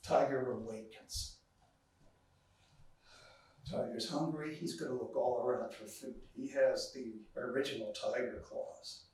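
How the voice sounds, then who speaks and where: A man leading a qigong class speaks slowly as he guides students through each movement, counting breaths with long exhaled sounds. He sounds a little out of breath. His voice comes from far off in a very echoey practice room. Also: medium pitch, fairly even intonation, a little mellow. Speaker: qigong instructor.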